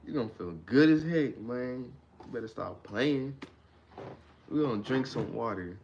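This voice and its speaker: A man talking straight to his livestream viewers with a motivational message. He speaks emphatically and repeats his lines in a preacher-like rhythm, and his voice sits at an average pitch for a man. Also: measured pace, a little mellow, breathy edge, lo-fi sound. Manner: emphatic, repetitive, preacher-like cadence. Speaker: livestream host. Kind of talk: motivational live talk.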